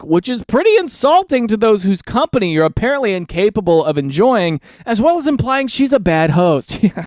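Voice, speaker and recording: Animated, sarcastic male commentator. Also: sits high, normal speed, few pauses, no room sound, clean studio sound. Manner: animated, sarcastic ranting with mock-outraged questions. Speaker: online commentator reading forum posts. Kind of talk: comedic reaction commentary.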